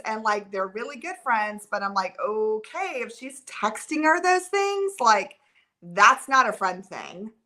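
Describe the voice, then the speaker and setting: A woman's voice: medium pitch, pushed and bright. A woman in her thirties hosting a casual livestream and answering viewer comments. She talks in a rambling, flustered, emotional way, full of filler words. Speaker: livestream host.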